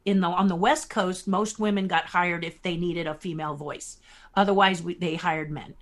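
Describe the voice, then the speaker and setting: Woman in her 60s telling stories on a podcast, animated, laughs as she goes. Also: lowish voice, moderate pace. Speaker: guest puppeteer. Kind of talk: anecdotal storytelling in a podcast interview.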